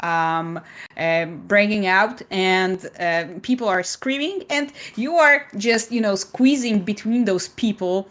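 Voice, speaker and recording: A woman's voice: medium pitch, slow, a bit bright. A woman with Polish as her first language, narrating a chaotic scene in a tabletop game with many hesitant fillers.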